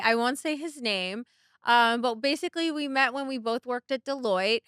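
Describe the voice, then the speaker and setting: Woman, 30s, podcast co-host, blunt and profane, high bright voice, dry close sound. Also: lively intonation, normal speed, smooth, dry recording. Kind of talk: casual chat.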